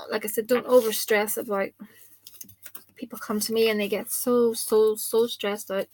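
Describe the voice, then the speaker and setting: A woman talks through a card reading at a table indoors, chatty and informal as she thinks aloud. Her voice sits in a middle pitch with little rise and fall. The camera mic picks her up dry, with no room echo. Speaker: spell caster and card reader. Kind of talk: casual talk to camera.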